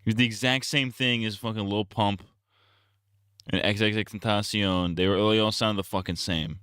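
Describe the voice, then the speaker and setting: A male streamer rants in a loose, profane, blunt ramble, often restarting his sentences. His voice is low and clean, recorded close and dry on a streaming mic. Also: steady tone, moderate pace, fairly bright tone, clear, resonant tone, no echo. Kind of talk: casual live-stream rant.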